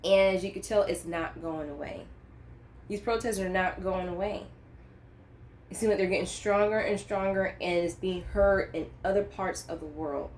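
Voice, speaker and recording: A woman's voice: on the low side, normal speed, darkish tone, a little hiss or hum. A woman talking earnestly to camera about faith and current events, speaking with passion and building to emphatic peaks. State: choked up. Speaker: Christian vlogger. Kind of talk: unscripted faith talk to camera.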